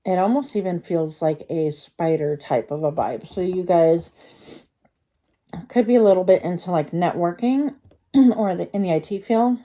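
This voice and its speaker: A woman's voice: lowish voice, moderate pace, warm tone. A woman giving a pick-a-card tarot reading, chatty and rambling, thinking aloud with many fillers and slightly slurred speech from a retainer.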